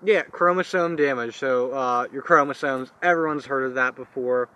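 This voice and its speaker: A man's voice: medium pitch, normal speed, bright, forceful tone, clear, resonant tone. A young man co-hosting a casual podcast chat, rambling through explanations with many fillers. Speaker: podcast co-host.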